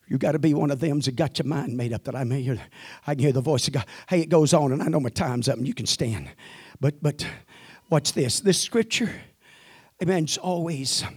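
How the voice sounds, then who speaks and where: A middle-aged man preaching a sermon, sprinkling in amens and building to shouted climaxes. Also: fairly high pitch, slightly rough, no echo, studio quality. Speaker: pastor.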